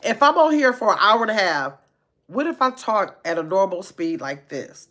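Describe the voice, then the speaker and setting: A woman hosting a casual livestream, reading viewer comments aloud and chatting quickly and playfully. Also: medium pitch. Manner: talks fast, says so herself; lively, chatty, laughs easily. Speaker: livestream host.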